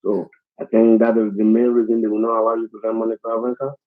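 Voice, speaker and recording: A man's voice: fairly low pitch, completely flat delivery, fast talker. A man on a phone call, repeating reassurances in broken English and pleading over and over. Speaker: phone scammer. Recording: tinny phone line.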